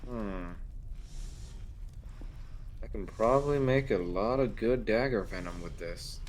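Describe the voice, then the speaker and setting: A man voicing a gruff, blunt woman blacksmith who teases customers and calls them darling. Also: lowish voice, slow, slight background noise. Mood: teasing.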